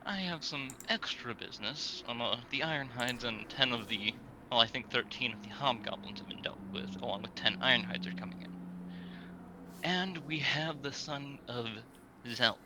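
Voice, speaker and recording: A man's voice: mid-range voice, normal speed, noisy background. A man playing his character in a tabletop game, speaking in a matter-of-fact, businesslike way. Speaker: player. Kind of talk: casual in-character play.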